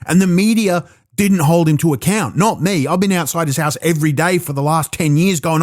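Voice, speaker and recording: A man with an Australian accent doing a profane, animated stand-up set alone in his own room, stammering into restarts. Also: fairly high pitch, a little fast, hardly any pauses, no room sound, clean studio sound. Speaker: stand-up comedian. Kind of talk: stand-up comedy performed alone.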